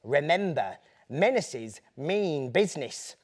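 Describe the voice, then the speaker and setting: Boastful mischievous boy prankster, Northern English accent, high bouncy voice that leaps all over, as a male author reads him. Storybook read-aloud. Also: sing-song, takes it slowly, a little mellow, full character voice. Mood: cheeky. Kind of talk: reading a children's book aloud in character.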